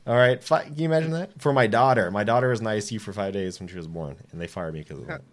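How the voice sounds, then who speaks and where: A man in his late twenties, a podcast guest, telling casual stories with animated delivery, acting out quoted dialogue and swearing freely. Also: fairly low pitch, very fast. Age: 20s. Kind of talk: casual storytelling.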